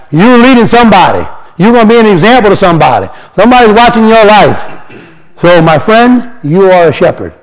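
A man giving an informal, earnest sermon to a congregation as a lay speaker, reading scripture slowly and putting questions to the listeners. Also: sits high, poor audio. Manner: earnest and exhorting, reads verses slowly, asks the audience questions.

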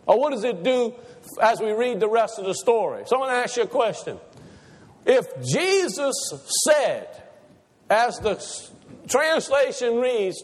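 A man preaching a sermon to a congregation, asking them questions and repeating his points for emphasis. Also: very high voice. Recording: reverberant church hall.

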